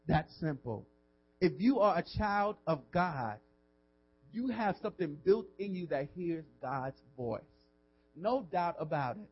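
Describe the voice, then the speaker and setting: A pastor preaching a sermon, swinging from loud emphasis down to a hushed whisper, informal and repeating words as he asks the congregation questions. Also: on the high side, lively intonation, a little slow, husky, muffled recording.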